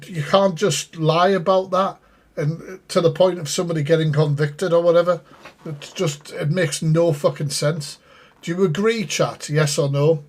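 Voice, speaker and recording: A man giving sweary, exasperated live reaction commentary and talking to his chat. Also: a little high. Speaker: streamer reacting to a live stream.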